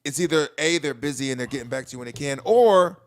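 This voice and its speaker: A middle-aged man co-hosting a podcast, his voice sitting a little high. He talks in a loose, profane, rambling way and breaks into laughter often. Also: expressive, fast talker. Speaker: podcast co-host. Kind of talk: casual chat.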